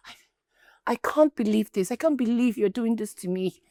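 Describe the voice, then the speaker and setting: A woman's voice: fairly high pitch, lively intonation, normal speed, darkish tone, no echo, studio quality. An actress playing a young woman, defensive and pleading against accusations in a Nollywood film. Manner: defensive, pleading, on the verge of tears. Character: young woman denying accusations, self-pitying.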